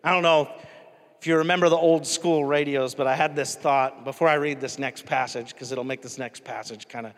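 A man's voice: medium pitch, fairly even intonation, brisk, big-room sound. A male pastor preaching a sermon in a casual, conversational way, often asking the congregation questions.

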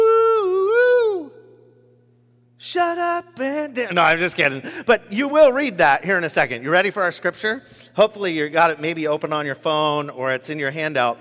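A bright, forceful male pastor preaching in a relaxed, conversational way, circling back and restarting his phrases as he goes. His voice sits a little high for a man and carries a long reverb from the church hall. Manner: conversational, animated, with many restarts. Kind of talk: sermon.

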